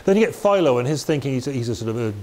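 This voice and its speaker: A man's voice: medium pitch, animated, rapid-fire, a little mellow. A man giving a Bible teaching talk in a conversational way, with chatty asides and restarts. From Wales. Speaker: preacher. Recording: faint hiss.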